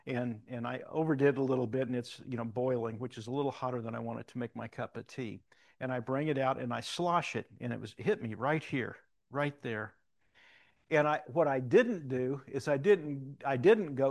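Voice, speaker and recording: A middle-aged man preaching a sermon, telling personal stories and moving between loud emphatic questions and quiet reflective moments. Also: medium pitch, normal speed. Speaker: pastor.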